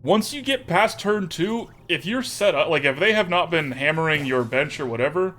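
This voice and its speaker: A talkative man hosting a live stream, his voice slightly high and sharply bright. He thinks out loud about each move and greets viewers by name in a loose, casual way. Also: expressive, normal speed. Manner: chatty, thinks aloud and talks to viewers by name. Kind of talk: casual live-stream commentary while playing a card game.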